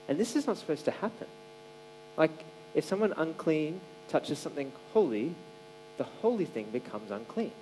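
Brief: male preacher, casual sermon, conversational and full of fillers, mellow tone, faint hum behind. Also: medium pitch, low-quality recording. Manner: conversational, many "like" fillers and restarts.

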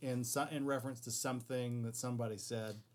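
Male podcast co-host, mid-pitched voice, relaxed dry quips. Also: fairly quick. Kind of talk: casual podcast banter.

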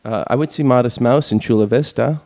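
A man's voice: medium pitch, brisk, darkish tone. A man hosting a casual group podcast chat, rambling and joking as he reads out concert listings.

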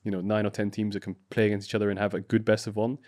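A man co-hosting an esports podcast, chatting quickly and casually. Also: lowish voice, little pitch movement, a little mellow. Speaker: podcast co-host and caster.

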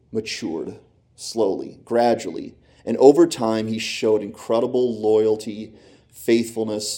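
A man teaching from the Bible in a conversational way, retelling scripture stories with animated, casual storytelling. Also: lowish voice.

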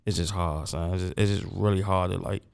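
Gravelly, grieving man talking loosely. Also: low voice, steady tone, a little fast. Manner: rambling, emotional, repeats words. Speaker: guest. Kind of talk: casual conversation.

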